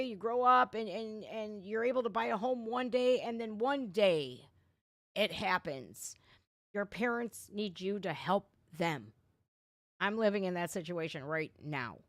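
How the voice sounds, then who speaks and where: A woman's voice: mid-range voice, fairly bright tone, dry recording. Blunt, profane woman from Ohio. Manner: blunt, profane, quick to laugh. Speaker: livestream reaction host. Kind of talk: casual livestream rant.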